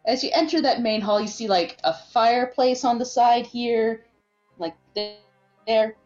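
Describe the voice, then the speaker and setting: A woman's voice: a little high, a little slow, darkish tone, lo-fi sound, soft background music. A woman running an online tabletop game as game master, describing scenes casually with many fillers.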